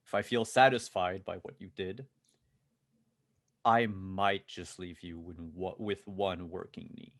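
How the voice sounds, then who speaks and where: A man's voice: low voice, unhurried, a bit bright. A man voicing a big, tough male bodyguard who speaks steadily and threateningly in a tabletop game. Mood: calm menacing.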